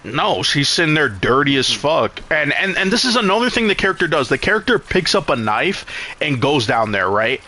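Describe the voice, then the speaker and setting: A man's voice: on the high side, sing-song, normal speed, bright, forceful tone. A man casually recapping a film while streaming a game, rambling, swearing and exasperated.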